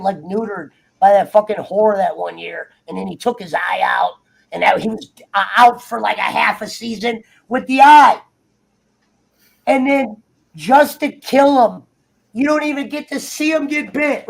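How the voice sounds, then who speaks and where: A man in casual, heated chat, swearing freely and acting out characters in quick asides. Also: high voice, gravelly. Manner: profane, animated, acts out characters in quick asides. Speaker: guest on a TV review talk show.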